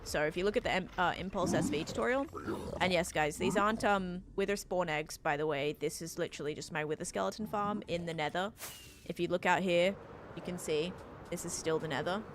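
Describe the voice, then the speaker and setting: A woman's voice: on the low side, a little fast, noisy background. A young woman streamer chatting casually while she plays, reading out and answering her viewers in a rambling, friendly way. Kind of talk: casual live-stream chat, reading chat aloud. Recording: faint music behind voice.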